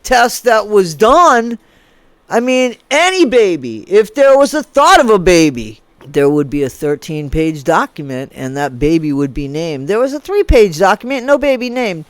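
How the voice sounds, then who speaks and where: A woman's voice: mid-range voice, animated, normal speed, no room sound. A woman giving casual gossip commentary in a playful, rambling way, with sing-song asides. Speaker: commentary vlogger.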